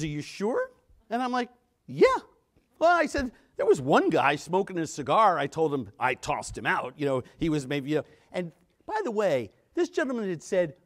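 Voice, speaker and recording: A middle-aged man telling a story on stage at a conference and acting out the quotes. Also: mid-range voice. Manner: animated storyteller, acts out quotes. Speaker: conference speaker.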